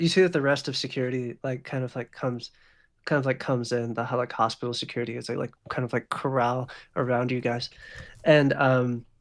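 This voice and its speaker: A man narrating as dungeon master in a loose, casual way, full of fillers. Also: medium pitch. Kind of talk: narrating a tabletop game.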